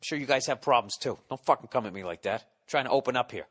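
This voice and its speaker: A podcast host in his forties rambles through a profane, self-mocking comic monologue, mimicking people in exaggerated voices. His medium-pitched voice is fast. Though he speaks into a studio podcast mic with a windscreen, the sound has a big-room quality.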